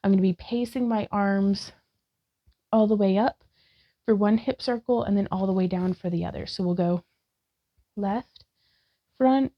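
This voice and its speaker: A woman leading a yoga class, calling out slow, calm cues and directions. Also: mid-range voice, dry recording, lo-fi sound. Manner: slow, calm cueing with soft laughs. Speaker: yoga instructor.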